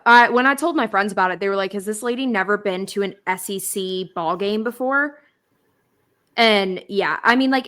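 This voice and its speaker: Bright-voiced woman telling stories. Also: mid-range voice. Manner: animated storytelling, swearing, blunt. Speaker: podcast co-host. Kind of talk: casual chat.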